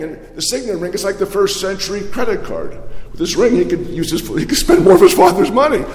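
An older man preaching a sermon, telling the story with animated energy and frequent restarts. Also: high-pitched, measured pace, big-room sound.

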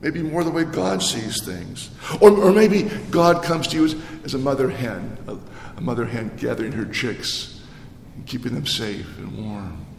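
A man's voice: mid-range voice, lively intonation, normal speed, vocal fry, darkish tone, slight background noise. A male pastor giving a sermon in a conversational way, with rhetorical questions and many restarts. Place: church. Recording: echoey church hall with long reverb.

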